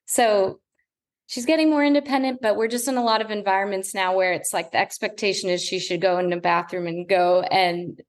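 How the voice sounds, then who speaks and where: Woman, group call member, mid pitch, candid, rambling, laughs often. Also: fairly even intonation, a little fast. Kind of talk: casual group discussion.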